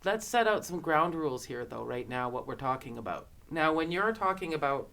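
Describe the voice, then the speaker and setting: A woman's voice: deep voice, expressive, brisk, vocal fry, a bit bright. A woman hosting a podcast, chatting casually and playfully about films. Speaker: podcast host. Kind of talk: casual film chat.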